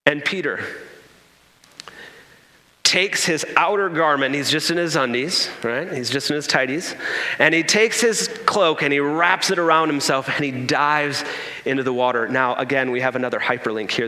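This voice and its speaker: A man preaching a sermon as a pastor, telling the story in an animated way, acting out quotes and adding humorous asides. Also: mid-range voice. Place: church sanctuary. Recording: echoey church hall reverb.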